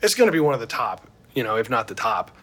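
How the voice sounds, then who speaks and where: A man hosting a casual chat, animated and opinionated, laughing easily. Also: medium pitch, fast talker, breathy edge. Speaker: podcast host. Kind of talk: casual chat about film and wine.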